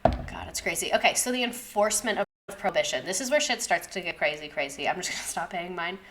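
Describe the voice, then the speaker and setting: A woman's voice: on the low side, quick pace, a bit bright. A young woman teacher giving a casual history lesson, chatty and sarcastic, swearing and drifting into tangents.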